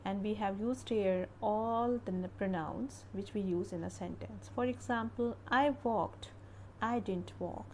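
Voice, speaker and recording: Female teacher, measured slow grammar narration, drilling examples; light background noise. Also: mid-range voice. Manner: careful, drilling word lists. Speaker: English teacher.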